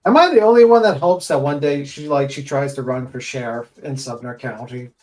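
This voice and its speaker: A man's voice: mid-range voice, brisk, darkish tone, low-quality recording. Mocking, joking man on a panel. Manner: joking, mocking, laughs often. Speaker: live panel participant. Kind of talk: casual mocking chat.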